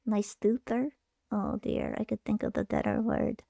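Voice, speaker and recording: Sleepy, deadpan monster co-host, voiced by a woman: heavy gravel in a mellow, close, dry sound. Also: medium pitch, moderate pace, no echo, muffled recording, pitched above the performer's own voice. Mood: droll. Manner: drowsy, dry, gently sarcastic. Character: sleepy purple monster puppet co-host, male.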